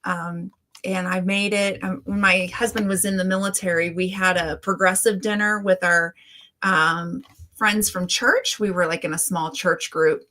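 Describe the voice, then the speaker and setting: A woman's voice: fairly low pitch, steady tone, a little slow, pushed and bright. A middle-aged woman, hosting a casual livestream and greeting viewers by name in a chatty way. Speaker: livestream host. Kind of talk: casual live chat.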